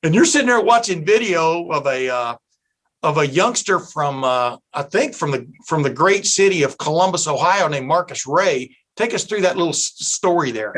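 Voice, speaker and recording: A man from East Texas hosts a sports podcast in a loose, chatty way. He wanders into asides and leans on fillers before handing the story back to his guest. His voice sits a little higher than most men's. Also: animated, normal speed, fairly bright tone. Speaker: podcast host. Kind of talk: casual podcast interview.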